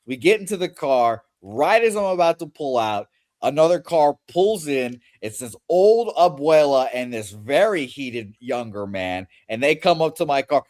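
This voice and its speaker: A man's voice: mid-range voice, animated, normal speed, a little mellow, no room sound. Blunt man telling a story, dry sound. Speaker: podcast co-host. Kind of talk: casual storytelling.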